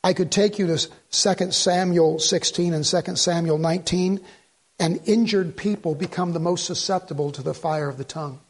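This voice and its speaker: High-voiced storytelling preacher man. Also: fairly even intonation, moderate pace. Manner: storytelling preacher, acts out dialogue, repeats and restarts. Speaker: pastor. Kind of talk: sermon.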